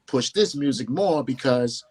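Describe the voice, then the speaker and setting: A man's voice: mid-range voice, expressive, a little slow, a little mellow, slightly rough. A man, a hip hop producer and mixing engineer, talking through his craft in a casual interview, often saying "you know what I mean".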